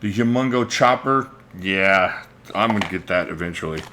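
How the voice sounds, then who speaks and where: Low-voiced man rambling through a livestream. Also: normal speed, sharp tone, a little hiss or hum. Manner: rambling, chatty, thinks aloud; reads out viewer names mid-talk. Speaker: knife channel host. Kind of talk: casual livestream chat.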